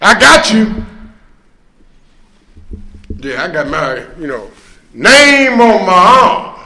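A man with a high, bright voice shares his recovery story at a meeting, unhurried and full of fillers. He tells it like a storyteller, breaking into loud emphatic bursts and rueful laughs. The sound is roomy and echoey, as in a meeting room. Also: very animated. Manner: drawn-out, conversational, with many fillers. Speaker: speaker sharing at a recovery meeting. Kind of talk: personal recovery testimony.

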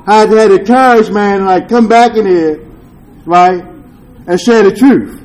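Man, high voice, recovery meeting testimony, street slang, swears, "you dig?", earnest confession. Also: moderate pace, a little mellow, rough recording. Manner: earnest and confessional, with rueful laughs. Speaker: speaker sharing at a recovery meeting. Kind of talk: candid testimony share.

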